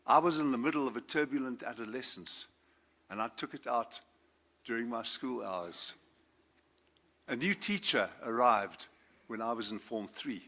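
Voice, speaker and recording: A South African former judge in his seventies stands before students at a school assembly to give a formal speech. He speaks in a measured, formal manner, his mid-range voice bright and forceful, lifting it on key words.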